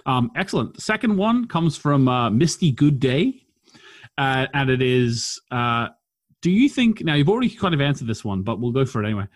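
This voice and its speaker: A man's voice: mid-range voice, very animated, normal speed, dry recording. Chatty male podcast host, dry sound. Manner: chatty, laughs often, reads out listener comments. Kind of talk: casual chat.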